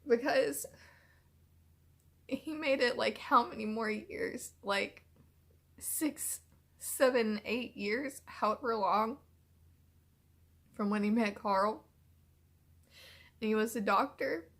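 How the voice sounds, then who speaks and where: A woman's voice: on the high side, slow, long pauses. A woman hosting a reaction video, reacting emotionally to a TV episode, swearing freely and talking back to the screen.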